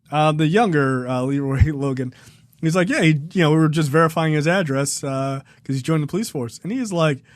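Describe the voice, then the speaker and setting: A man's voice: mid-range voice, dry recording, studio quality. A man co-hosting a film review podcast in loose, profane casual chat, laughing and acting out lines from the show. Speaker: podcast co-host.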